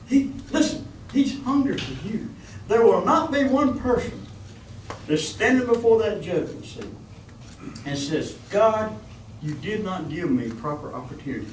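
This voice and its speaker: Man, preacher, folksy sermon, amen calls, somewhat high voice, distant mic in a reverberant church. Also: slight background noise. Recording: echoey church room, mic from afar.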